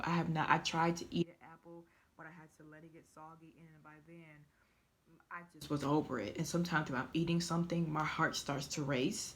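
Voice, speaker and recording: A woman telling her own story in a vlog, halting and tearful at times, often dropping to a whisper. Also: sits low, fairly even intonation. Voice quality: often drops to a soft whisper. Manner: halting, tearful, stumbling over words. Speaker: vlogger. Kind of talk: emotional personal vlog.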